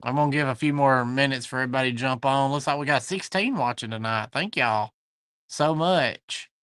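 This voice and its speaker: A man's voice: mid-range voice, a little fast, fairly bright tone, clean tone, no echo. A man with a Southern US accent hosting a live online antique sale from his shop, chatting folksily and greeting viewers by name. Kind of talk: livestream chat, reading viewer comments.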